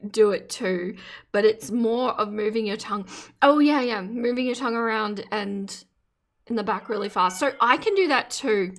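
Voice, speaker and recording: A woman hosts a casual livestream as a streamer, reacting to clips and chatting with her viewers. Her voice is medium-pitched with a fairly bright tone, and she giggles and rambles while reading their comments aloud.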